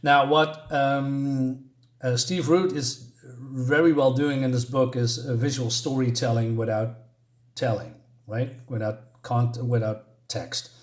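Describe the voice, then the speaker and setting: A man's voice: medium pitch, fairly even intonation. A man walks through a comic book in a casual review, in an ordinary mid-range voice. He rambles and halts, often breaking off to restart his sentences. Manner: halting, rambling, many restarts.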